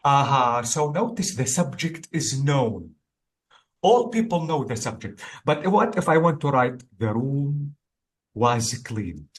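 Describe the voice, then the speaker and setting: Lively-pitched man tutoring English. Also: measured pace. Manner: explains step by step, checks in with "okay?". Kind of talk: one-on-one teaching.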